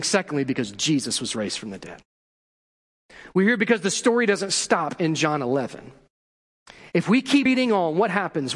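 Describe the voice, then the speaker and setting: A man's voice: fairly high pitch, long reverb tail. A man preaching a sermon as a pastor, telling a story with acted-out quotes and questions for the congregation.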